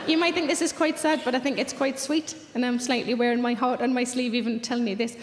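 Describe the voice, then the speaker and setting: A high-pitched woman performs deadpan stand-up with cheeky, rude punchlines. She's on a big theatre stage, her voice ringing through a long echoey hall. Audience laughter is heard behind her. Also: fast, background noise. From North East England. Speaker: stand-up comedian. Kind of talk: stand-up routine.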